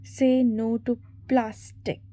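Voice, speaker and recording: A woman reads exam revision questions and their answers in an unhurried, steady delivery. Her voice sits a little high but sounds mellow and soft. She spells key words out letter by letter. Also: no echo. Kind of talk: reading quiz questions and answers.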